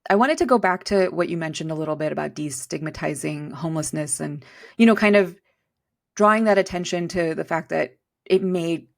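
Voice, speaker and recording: A woman's voice: sits low, a little fast, creaky. A woman hosting a podcast interview, asking questions in an encouraging way. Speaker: podcast host.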